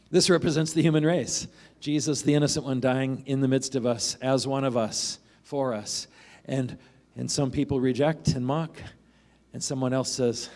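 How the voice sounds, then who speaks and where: A man's voice: mid-range voice, steady tone, a little slow, a little mellow. A man preaching a sermon as a pastor, in a conversational way, often asking "right?" and acting out the voices of the people in the passage he reads.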